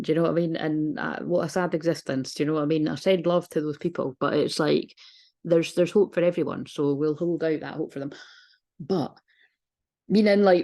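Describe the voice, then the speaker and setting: A woman's voice: deep voice, warm tone. A woman talking as a spiritual reader in a casual, rambling monologue, frank and swearing freely.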